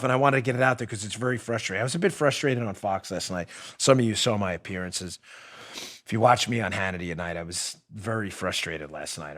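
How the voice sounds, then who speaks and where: A man's voice: medium pitch, fairly bright tone. A man hosting a political talk show, delivering a heated, emphatic monologue, repeating points for stress and dropping into sarcasm.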